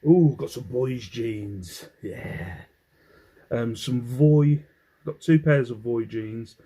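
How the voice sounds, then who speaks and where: A man's voice: medium pitch, takes it slowly, warm tone, breathy edge, rough recording. An English man in a casual haul vlog, rambling as he goes through his finds and humming to himself between items. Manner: rambling, hums while sorting items. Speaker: clothing reseller.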